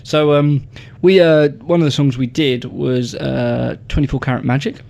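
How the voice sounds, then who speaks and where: A man's voice: medium pitch, fairly even intonation, vocal fry, darkish tone. Chatty male podcast host. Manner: chatty, halting with many ums and uhs. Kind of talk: casual radio chat.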